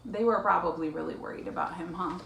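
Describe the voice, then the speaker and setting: A woman reading picture books aloud to a child, playful and animated, breaking into animal sounds. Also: lowish voice, quick pace, vocal fry. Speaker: storytime reader. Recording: echoey room, faint noise.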